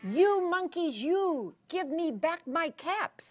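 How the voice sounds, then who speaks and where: A woman voicing a cross male cap peddler who scolds loudly, in a read-aloud story for children. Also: very high-pitched, very animated, slow, pitched above the performer's own voice, exaggerated voice. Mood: scolding. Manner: scolding, shouting demands.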